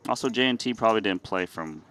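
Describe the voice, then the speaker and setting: A man's voice: lowish voice, animated, quick pace, a bit bright. A man from Sacramento commentating a live poker broadcast, playful and teasing as he quizzes his co-host. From Sacramento, California. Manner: playful, teasing, quiz-giving.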